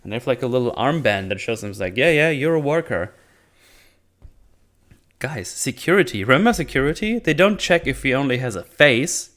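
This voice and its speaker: A man's voice: medium pitch, animated, quick pace, few pauses, fairly bright tone. A man hosting a movie review channel, recapping a film in a casual, rambling way with lots of swearing and restarts. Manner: rambling, profane, with frequent restarts.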